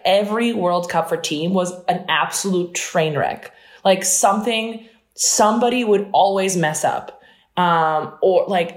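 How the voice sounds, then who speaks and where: A young woman from New Jersey, an Olympic fencer, telling stories fast and animatedly in a casual interview, full of "like" and laughs. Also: medium pitch. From New Jersey, USA. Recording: roomy echo.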